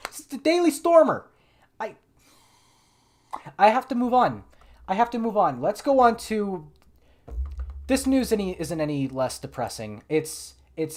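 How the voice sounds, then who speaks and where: A man's voice: fairly high pitch, a little mellow. A man hosting a live political commentary stream, sarcastic and exasperated, thinking aloud with frequent restarts.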